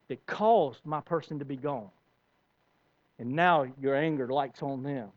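Emphatic high-voiced man preaching. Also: moderate pace, darkish tone, lo-fi sound. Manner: emphatic preaching with rising bursts and repeated words. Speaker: pastor. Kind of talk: sermon.

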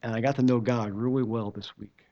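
A man's voice: medium pitch, steady tone, a little fast, mellow. A man giving a personal testimony at a church service, telling his story in a loose, conversational way with many restarts. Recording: dull muffled recording.

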